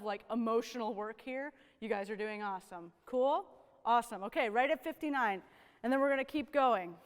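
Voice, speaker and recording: A woman's voice: fairly high pitch, clean tone, big-room sound. A woman horn teacher coaching young players in a rehearsal, upbeat and encouraging, often checking in with "right?". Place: rehearsal room with young musicians.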